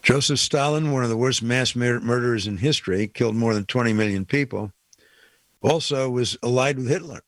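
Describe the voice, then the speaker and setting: A man hosting a talk radio show, giving emphatic political commentary and slowing down to stress key lines. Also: medium pitch, no room sound.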